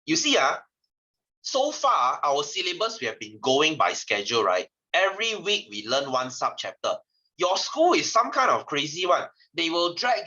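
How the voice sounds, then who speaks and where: A man's voice: a little high, bright, forceful tone, muffled recording. A man with a Malaysian English accent teaching a science class, teasing his students and laughing often. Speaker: science tutor. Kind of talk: joking classroom lecture.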